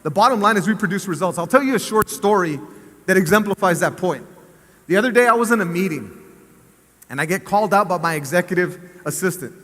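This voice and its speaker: Superintendent, high bright voice, lively storyteller, big echoing hall. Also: male voice, fast. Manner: animated storyteller, rising to cheering shouts. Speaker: school district superintendent. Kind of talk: motivational speech to staff assembly. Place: large assembly hall. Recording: echoey hall with long reverb.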